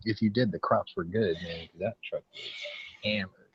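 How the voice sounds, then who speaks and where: A man hosting a casual podcast chat, relaxed, laughing often and swearing freely. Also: lowish voice, measured pace, slightly rough, no room sound, lo-fi sound. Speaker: podcast host.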